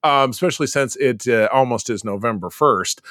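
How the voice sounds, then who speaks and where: A man's voice: medium pitch, fairly quick, a bit bright, no echo, clean studio sound. A man co-hosting a podcast, rambling through movie news in casual chat, with frequent fillers and restarts. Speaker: podcast co-host.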